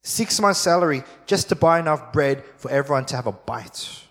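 A man preaching a sermon, telling the story in a lively, jokey way and acting out the voices of the people in it. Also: a little high, moderate pace, long reverb tail.

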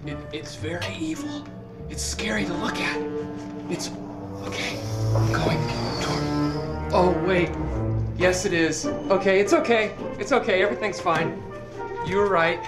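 Buddy the Elf, wide-eyed. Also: male voice, sits high, a little slow, pauses often, over loud music. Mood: anxious. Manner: wide-eyed, earnest and breathless. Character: childlike grown man raised by elves, excitable. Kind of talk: film dialogue.

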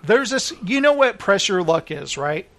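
High-voiced man telling a rambling story. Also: moderate pace. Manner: animated, rambling storyteller who laughs often. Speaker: podcast host. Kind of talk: casual chat.

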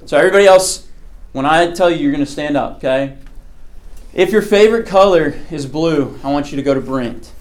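A man's voice: fairly high pitch, fairly quick. A man leading an interactive Bible lesson for a live group, in a conversational way that keeps checking in with "okay?". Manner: speaks to a live group in the room. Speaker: Bible teacher.

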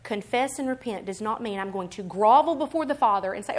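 Animated woman preaching a sermon. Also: mid-range voice, a little fast, few pauses. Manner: animated, emphatic preaching that swings between quiet and loud; acts out other people's voices in quotes.

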